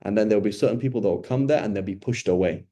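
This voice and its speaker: A man teaching an informal Quran study session, his voice low-pitched and very mellow and warm. He talks conversationally and keeps asking rhetorical questions. He often checks in with a quick "right?". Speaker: religious teacher.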